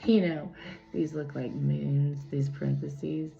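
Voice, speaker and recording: Her voice sits low and sounds gravelly as she gives a slow, flat-toned tarot reading. The casual spiritual talk is tangential and heavy with fillers. A phone picked it up in an echoey room, with dull lo-fi sound and faint music.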